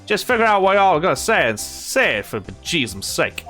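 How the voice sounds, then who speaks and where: A man voicing a brash Southern country woman photographer in a put-on US Southern drawl, loud and folksy. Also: a little high, sing-song, fairly quick, soft background music.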